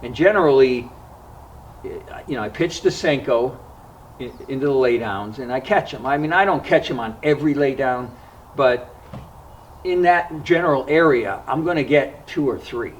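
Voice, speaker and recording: A man hosting a fishing vlog, telling a story in a casual, unhurried way with frequent pauses and fillers. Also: mid-range voice, expressive, far from the mic, dull audio, a little hiss or hum. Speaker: fishing vlogger. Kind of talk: casual spoken storytelling to camera.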